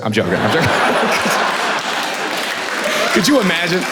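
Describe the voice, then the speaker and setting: Man, stand-up comic, high voice, animated storytelling, shouting punchlines, echoey hall, loud crowd. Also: slow pace, long pauses, heavy background noise. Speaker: stand-up comedian. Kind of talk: stand-up comedy set. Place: large hall before a live audience. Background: crowd laughing.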